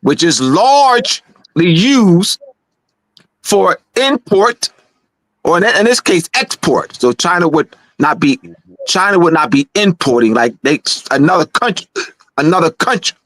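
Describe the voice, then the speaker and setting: Male host, high voice, emphatic and repetitive, dry sound. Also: very animated, a little slow, a bit bright, no room sound. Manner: emphatic, repeats words to press a point. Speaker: presenter. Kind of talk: casual online discussion.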